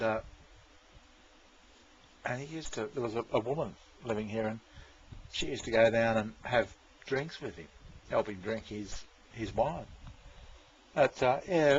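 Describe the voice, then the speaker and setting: A man's voice: on the low side, a little hiss or hum. A man, rambling in casual chat, swearing freely and chuckling often. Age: 60s. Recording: dull lo-fi recording.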